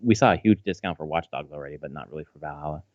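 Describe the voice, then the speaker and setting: Here's a thirties-aged man co-hosting a podcast with an extremely low, rapid-fire voice. He rambles casually, swears freely and keeps restarting and using fillers, all captured in slightly dull, dry audio.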